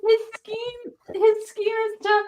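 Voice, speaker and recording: A high-pitched woman tells a comic's plot on a casual podcast. She recaps it in an animated, giggly way and often breaks into laughter mid-sentence. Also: slow pace, rough recording. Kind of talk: casual chat.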